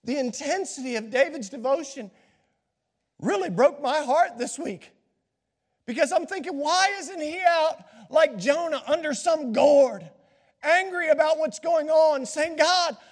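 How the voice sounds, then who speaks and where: A pastor preaching a sermon with a scratchy throat from a cold, swinging from hushed asides to impassioned shouts. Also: male voice, very high voice, unhurried. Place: church sanctuary. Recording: long reverb of a large hall.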